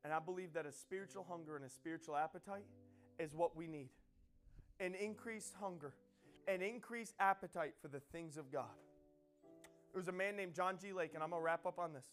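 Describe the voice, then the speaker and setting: A man preaching a sermon with passion, repeating phrases and building to loud emphatic peaks. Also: a little high, brisk, soft background music.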